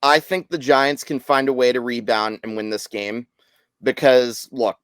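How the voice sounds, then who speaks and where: A man's voice: medium pitch, fairly even intonation, measured pace, fairly bright tone, smooth, no room sound. A man on a sports podcast panel, talking in a wry, casual way. The recording is dry and close.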